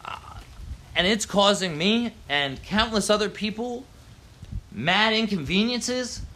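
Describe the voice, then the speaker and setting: A man's voice: high-pitched, expressive, slow, pushed and bright, a little hiss or hum. Angry swearing man ranting. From Baltimore, USA. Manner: heated, swearing, slangy. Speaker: local resident ranting. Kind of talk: angry profane rant.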